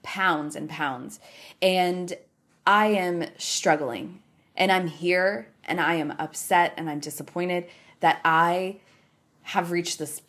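A woman's voice: fairly low pitch, slow pace, fairly bright tone. A woman hosting a podcast, talking openly to listeners in an earnest, personal motivational style, repeating phrases for emphasis. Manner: addresses listeners as y'all. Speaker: podcast host.

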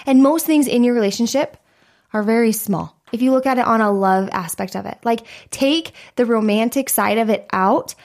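A woman's voice: a little high, moderate pace, darkish tone. A woman co-hosting a podcast, talking frankly and candidly in casual chat, with free swearing. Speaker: podcast co-host.

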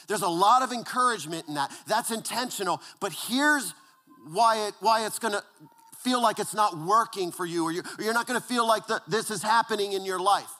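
A male pastor preaching a conversational sermon, repeating words and dropping to a hushed, low voice for emphasis.

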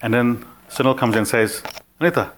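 A man's voice: fairly low pitch, normal speed, a little hiss or hum. A man teaching an informal spiritual philosophy class in a conversational way, putting questions to his listeners.

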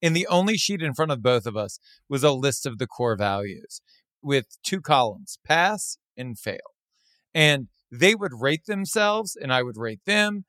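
A man's voice: mid-range voice, big pitch swings, unhurried, sharp tone, no echo, studio quality. A man who ran restaurants, explaining his views in an earnest and emphatic casual chat. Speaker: former restaurant owner and co-host.

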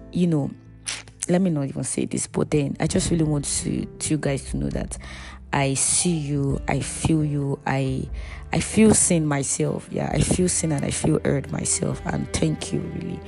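A woman's voice: low-pitched, gravelly, dark tone. A young woman hosting her own faith podcast, talking to listeners in a chatty, heartfelt way. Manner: chatty and heartfelt, addresses listeners as "you guys". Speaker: podcast host. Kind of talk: casual faith podcast monologue.

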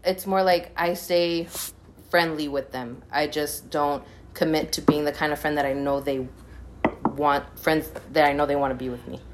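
Young woman, lowish voice, blunt and fired up, swears a lot. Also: steady tone, moderate pace, a little hiss or hum. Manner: blunt, passionate, swears freely. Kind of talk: casual chat.

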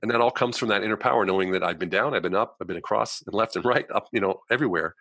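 A male guest tells a personal story with animation, acting out the voices of the people he quotes and leaning on "you know" a lot. His voice is lowish and very fast, with no room sound.

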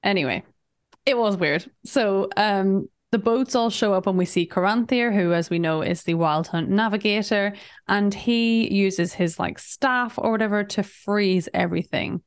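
A woman's voice: mid-range voice, a little slow, smooth, dry recording, clean studio sound. A woman co-hosting a podcast, recapping a game in casual, chatty talk, often laughing. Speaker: podcast co-host.

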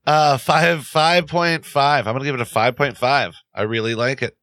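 Co-host, male, forthright, bright and tense tone. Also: mid-range voice, steady tone, moderate pace, no echo, studio quality. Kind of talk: casual chat, beer tasting.

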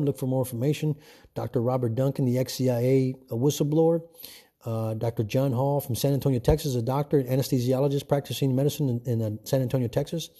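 A man with a mellow mid-range voice preaches from home in an informal, rambling monologue. This self-made preacher goes over the same points repeatedly and often calls the people listening "folks."

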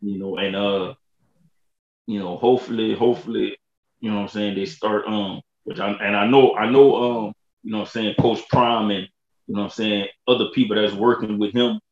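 Low-voiced guy on a sports pod, halting, lots of filler, echoey muffled sound. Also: fairly even intonation. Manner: halting, repeats "you know what I'm saying". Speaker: podcast co-host. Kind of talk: casual sports podcast chat. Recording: roomy, dull lo-fi sound.

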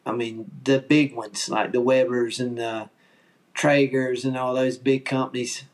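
Southern man, podcast guest, chuckling storyteller, average pitch. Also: fairly even intonation, measured pace. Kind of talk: casual chat.

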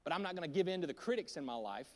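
Man, high lively preaching voice, long hall reverb, loud-to-hushed swings. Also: very fast. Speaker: pastor. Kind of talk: sermon. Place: church auditorium. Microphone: handheld microphone.

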